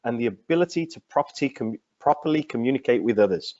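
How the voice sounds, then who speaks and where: A man's voice: medium pitch, lively intonation, quick pace, darkish tone, muffled recording. A man hosting a coaching webinar in a casual, affirming way. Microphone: video call.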